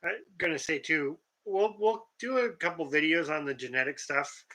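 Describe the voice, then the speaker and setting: Hoarse male co-host, slightly high pitch, chatty live-stream sign-off. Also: normal speed, poor audio. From Canada. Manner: relaxed, chatty, trails off with fillers. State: hoarse, losing his voice. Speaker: co-host of a homestead livestream. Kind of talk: casual late-night live chat.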